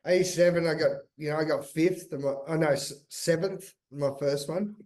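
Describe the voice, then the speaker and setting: A man's voice: a little high, steady tone, moderate pace, darkish tone. A middle-aged Australian man, a guest in casual chat, talking in a loose, rambling way and swearing freely. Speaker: guest, big wave surfer.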